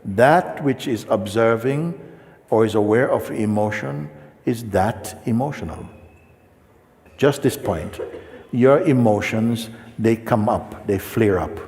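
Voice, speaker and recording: A man speaking as a spiritual teacher, talking gently and unhurriedly to a seeker and often checking in with questions. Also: fairly low pitch, a little slow. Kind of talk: spiritual talk answering a seeker. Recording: long hall reverb.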